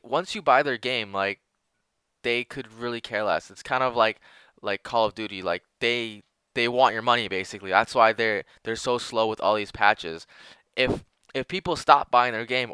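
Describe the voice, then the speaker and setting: A man's voice: medium pitch, pushed and bright, clean tone, dry recording. A young man giving casual commentary over gameplay, rambling with many filler words and restarts. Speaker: gaming commentator.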